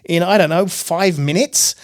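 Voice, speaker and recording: A middle-aged man telling his life story as a podcast guest, emphatic and animated, acting out his own past outbursts. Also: sits high, unhurried. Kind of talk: testimony in casual interview.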